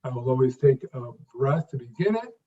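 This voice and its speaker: Man speaking haltingly from a distance. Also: mid-range voice, big pitch swings, dark tone. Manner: halting restarts, repeats words, then emphatic phrases. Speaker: interview guest. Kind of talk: conversational interview. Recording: distant, dull lo-fi sound.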